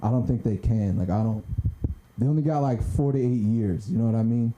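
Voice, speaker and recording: A man doing halting open mic stand-up, hesitant and repetitive, leaning on fillers. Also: mid-range voice, a little hiss or hum, poor audio. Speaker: stand-up comic. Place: small comedy club stage.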